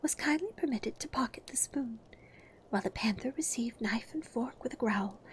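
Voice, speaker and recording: A woman voicing the young girl Alice in a whispered role-play, in a soft, hushed, high voice. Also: lively intonation, unhurried, a little hiss or hum. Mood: nervous recital.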